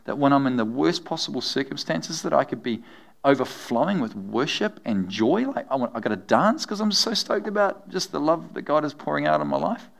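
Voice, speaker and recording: Lively man preaching a sermon. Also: fairly high pitch, a little fast, vocal fry. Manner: animated, humorous storytelling with frequent laughs. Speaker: pastor.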